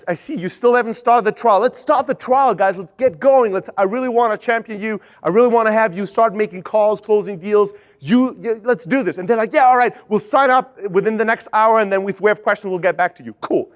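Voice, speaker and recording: A young man speaking at a conference, telling a lively sales story, swearing freely and acting out the other people's lines. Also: sits high. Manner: animated, swears, acts out quoted voices. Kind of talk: energetic storytelling talk. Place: conference stage.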